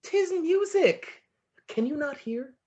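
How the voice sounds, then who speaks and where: An actor playing a flattering, lovestruck poet in an amateur online stage play, savoring each word and muttering to himself. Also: high-pitched, takes it slowly, lo-fi sound. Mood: musing. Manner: florid, wooing, savoring words, muttering to himself. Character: lovestruck, flattering William Shakespeare, a playful poet.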